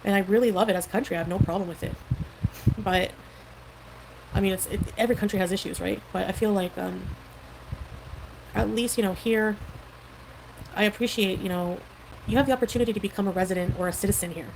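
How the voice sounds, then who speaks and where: A woman livestreamer talks in a loose, rambling way, defending herself and leaning on fillers. Her pitch sits in the middle. Clear background noise runs under the stream audio. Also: fast, pauses often, a little mellow, low-quality recording. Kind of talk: casual livestream talk.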